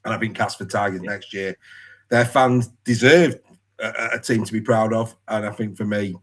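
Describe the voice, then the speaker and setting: A man's voice: on the low side, steady tone, moderate pace. A man hosting a casual rugby league chat show, rambling, with many restarts and fillers. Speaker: podcast host.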